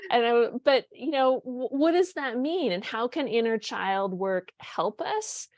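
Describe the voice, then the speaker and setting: A woman's voice: a little high, animated, unhurried, no echo. Chatty lady host rambling thru her questions, super dry close sound. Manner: chatty, rambling, frequent restarts and "like". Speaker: podcast host, dietitian. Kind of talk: casual conversational interview.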